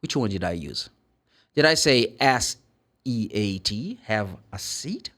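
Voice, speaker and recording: Brazilian man teaching English, lively pitch. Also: takes it slowly. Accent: Brazilian Portuguese. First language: Brazilian Portuguese. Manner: animated, acts out little dialogues, spells words letter by letter. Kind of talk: casual teaching.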